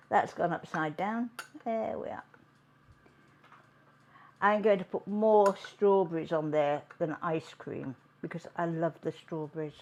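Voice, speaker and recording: Slow, chatty woman cooking at home. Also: lowish voice, fairly even intonation, highs cut off. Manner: chatty, unhurried, talks while working. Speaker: cooking show host. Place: home kitchen.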